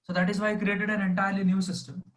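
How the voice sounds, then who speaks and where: A man with a high-pitched voice explains points in a relaxed group discussion. He agrees readily and pauses on hesitant fillers as he works through his ideas. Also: rough recording. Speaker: discussion participant.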